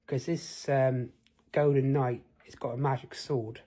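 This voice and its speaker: Slow, husky storyteller man. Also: medium pitch, flat delivery, mellow. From United Kingdom. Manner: rambling, addresses listener with questions. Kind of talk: improvised fantasy storytelling.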